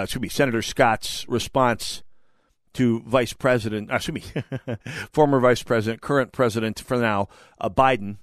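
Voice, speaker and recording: A man's voice: mid-range voice, no room sound. A man hosting a talk radio show, giving opinionated commentary with emphatic, sarcastic delivery and indignant outbursts into a studio mic.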